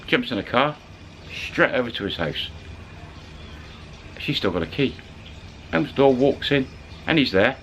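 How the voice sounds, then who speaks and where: A man casually retelling a story to camera, animated and colloquial, slipping into the voices of the people in it. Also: mid-range voice, moderate pace, pauses often, slight background noise. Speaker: channel storyteller.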